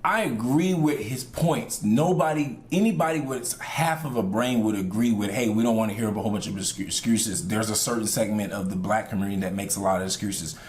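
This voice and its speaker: A man's voice: medium pitch, a little mellow. A male podcast host reacting to a clip, arguing his point in a firm, lecturing way. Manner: argumentative, lecturing, emphatic. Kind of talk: reaction commentary.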